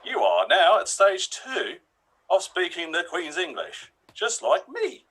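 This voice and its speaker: A hammy, mock-confident figure with an exaggerated Cockney accent, as a man puts it on. The voice is bright and lively, slow-paced, with a husky edge. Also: high-pitched, exaggerated voice, poor audio. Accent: put-on Cockney. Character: American actor hamming a mock Cockney accent. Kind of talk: improv comedy character.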